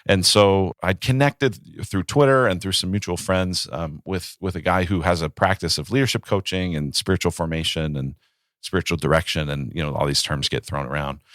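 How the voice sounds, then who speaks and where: A man in his thirties, a pastor, talking in a relaxed podcast conversation and telling stories with acted-out quotes. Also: low-pitched, moderate pace, no echo, studio quality. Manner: reflective, storytelling with acted quotes.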